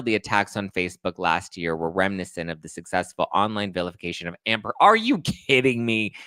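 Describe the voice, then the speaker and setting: A man with a bright, forceful voice rants about celebrity gossip like the host of a commentary show. He reads aloud, breaks off into sarcastic, exasperated outbursts and keeps getting more worked up. The sound is dry and close, with no room around it. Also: low-pitched, clear, resonant tone, no echo.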